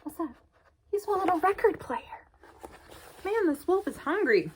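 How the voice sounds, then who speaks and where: Animated woman reading to kids. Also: very high voice, measured pace, slight background noise. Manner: animated, asks children questions. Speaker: children's librarian. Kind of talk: virtual storytime read-aloud for children.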